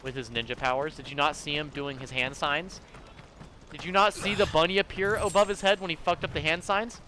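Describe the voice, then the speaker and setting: A man's voice: fairly high pitch, fairly even intonation, pushed and bright, a little hiss or hum. A young man casually commenting on a game as he plays, rambling, swearing freely and laughing often. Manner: profane, rambling, quick to laugh. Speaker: gamer playing through a game.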